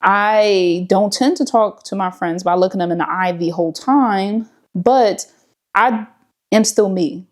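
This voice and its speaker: Seated in front of her camera, a woman YouTuber gives advice in a relaxed, casual chat full of slang and fillers. Her voice is mid-range and her pace measured.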